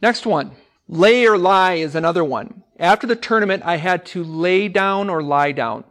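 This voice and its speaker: A male English teacher giving a classroom lecture to speech students, energetic and often asking the class questions and repeating words for emphasis. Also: sits high, moderate pace.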